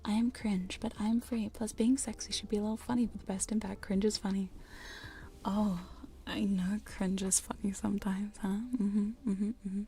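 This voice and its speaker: A woman's voice: mid-range voice, flat delivery, normal speed. A woman streamer in a whispered livestream chat, rambling and giggling as she reads the chat. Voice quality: soft whisper. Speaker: ASMR streamer. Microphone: studio condenser microphone.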